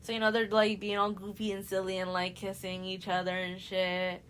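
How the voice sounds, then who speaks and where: A young woman hosting a podcast, recapping a book in a casual, animated way and slipping into quick voices for the characters. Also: medium pitch, a little hiss or hum. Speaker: podcast host.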